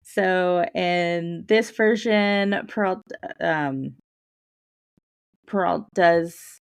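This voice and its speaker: Low-voiced sick woman, slow and dry. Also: creaky, no room sound. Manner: relaxed, unhurried retelling with ums and laughs. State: sick, deepened voice. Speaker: podcast co-host. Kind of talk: casual storytelling chat.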